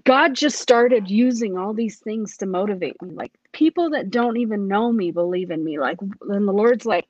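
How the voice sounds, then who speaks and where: A woman's voice: medium pitch, expressive, moderate pace, hardly any pauses, a little mellow, no room sound, lo-fi sound. A woman, a police academy cadet, tells her personal testimony in an earnest, emotional way, often restarting her sentences.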